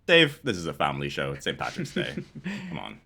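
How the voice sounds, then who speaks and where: A man's voice: rumbling low, huge pitch swings, fairly quick, gravelly, sharp tone. A man co-hosting a casual podcast, running a quiz in a jokey, laughing manner.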